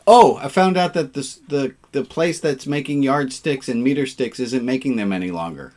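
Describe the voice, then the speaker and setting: A man's voice: medium pitch, normal speed, few pauses, darkish tone. A man leading an online service as rabbi, casual and playful, fond of puns, on a video call.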